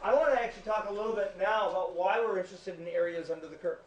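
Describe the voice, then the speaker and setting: Male teacher, high voice, lecturing a class in a chatty, joking way, echoey room, far-off mic. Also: rapid-fire, highs cut off. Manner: chatty, jokes with students.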